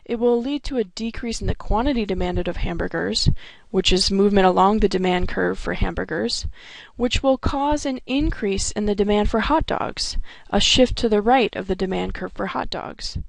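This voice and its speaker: American woman instructor, methodical lecture read, dry close voice-over, some vocal fry. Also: medium pitch, moderate pace, hardly any pauses, no echo. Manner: clear explanatory delivery with occasional restarts. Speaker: economics instructor. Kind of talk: recorded lecture narration.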